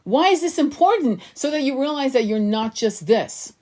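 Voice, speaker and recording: A woman's voice: high voice, expressive, normal speed, a little mellow. Earnest woman giving rambling spiritual teaching. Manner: earnest, rambling, repeats words as she restarts. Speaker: tarot reader and spiritual coach. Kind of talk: casual spiritual teaching monologue.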